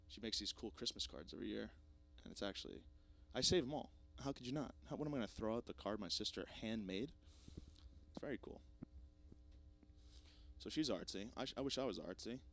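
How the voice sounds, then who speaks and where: A young man hosting a podcast, rambling through a jokey, self-deprecating solo monologue with plenty of swearing, swinging between loud bursts and mumbled asides. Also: on the low side, creaky, a little hiss or hum. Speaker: podcast host.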